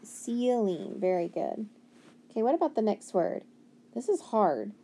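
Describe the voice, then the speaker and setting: A woman's voice: medium pitch, big pitch swings, a little slow, warm tone, a little hiss or hum. A woman teaching a phonics lesson, stretching out word sounds and asking and answering her own questions.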